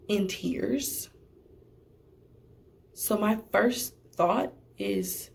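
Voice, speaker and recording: A young woman who works at a testing center, telling a storytime vlog in an animated, sassy way with slangy asides. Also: medium pitch, slow, vocal fry, long pauses, a little hiss or hum.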